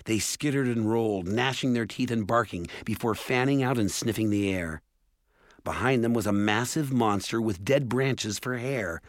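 A man narrating a storybook in a measured, steady way. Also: on the low side, no echo, studio quality. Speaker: audiobook narrator. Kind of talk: scripted narration.

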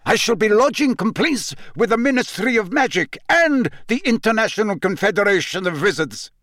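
A man's voice: high voice, lively intonation, moderate pace, fairly bright tone, no room sound, clean studio sound, pitched above the performer's own voice. A man doing an oily, haughty headmaster. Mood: disdainful. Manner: oily, disdainful, then angry. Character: unctuous, proud foreign headmaster, man.

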